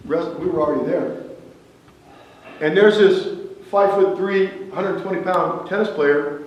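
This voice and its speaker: At a roast in an event hall, a former wrestler in his sixties tells anecdotes, building each toward a punchline. His voice is high, and the lo-fi recording is echoey, with a distant mic and faint noise.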